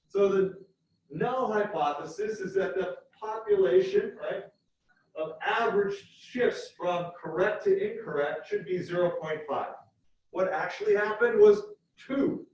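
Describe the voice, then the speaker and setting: A man lecturing a university class, explaining step by step and repeating key points slowly. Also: sits high, a little hiss or hum. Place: lecture hall. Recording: echoey hall from far off, dull.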